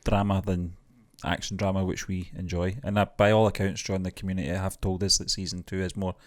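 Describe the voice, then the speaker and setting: Low-voiced easygoing man. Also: flat delivery, brisk, dry recording, studio quality. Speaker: co-host. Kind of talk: casual reaction chat.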